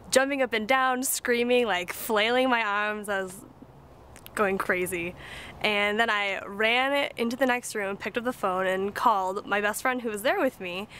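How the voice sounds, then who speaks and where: A young woman telling a story in a casual, excitable way, with lots of "like". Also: medium pitch, slight background noise. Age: young adult. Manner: excitable and chatty, full of "like".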